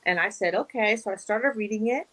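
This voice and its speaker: In a relaxed interview, a young woman guest who is an actress animatedly recounts stories, performing the quoted lines and laughing a lot. She speaks a little fast in a mid-range voice, and the audio is poor.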